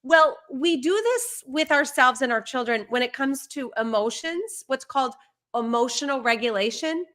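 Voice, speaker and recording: A woman speaking as a parenting educator in conversational advice on a live stream, animated and acting out what a parent or child might say. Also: high voice, moderate pace.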